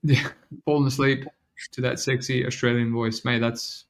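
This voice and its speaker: A man's voice: medium pitch, little pitch movement, moderate pace. A man with a New Zealand accent hosting a casual betting podcast, chatting in a loose, slangy way. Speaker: podcast host.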